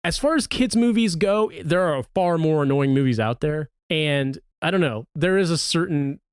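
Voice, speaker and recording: A man in his thirties co-hosting a podcast in casual chat, telling stories with lively impressions and some swearing. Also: fairly high pitch, moderate pace, smooth, no echo, clean studio sound. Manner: animated storyteller, swears, mimics movie lines. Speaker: podcast co-host.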